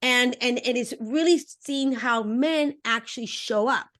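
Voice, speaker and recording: High-pitched woman dating coach on a podcast, super emphatic, hypes up the listeners, does little voices. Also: unhurried. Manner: energetic, emphatic, talks straight to listeners; acts out voices with expressive pitch swings. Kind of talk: podcast interview guest.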